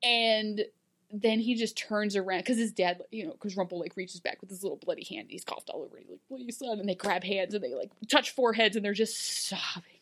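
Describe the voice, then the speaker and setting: A woman in casual chat, recapping a TV episode in an animated way and acting out characters' lines. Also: medium pitch, a little fast. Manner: animated, acts out characters' lines in put-on voices. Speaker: podcast co-host recapping a TV show.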